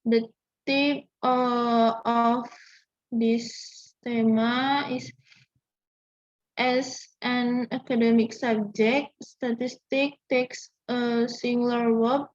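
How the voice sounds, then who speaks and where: A young woman, a student presenter, reading a vocabulary list slowly with small restarts. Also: fairly high pitch, little pitch movement. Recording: dull lo-fi recording.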